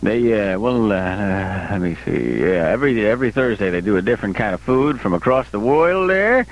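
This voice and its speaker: A man hosting a morning radio show, joking loudly and brashly and reading ads in a folksy drawl. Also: fairly low pitch, dull audio. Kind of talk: brash radio banter and live ad read. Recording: old radio broadcast with faint music.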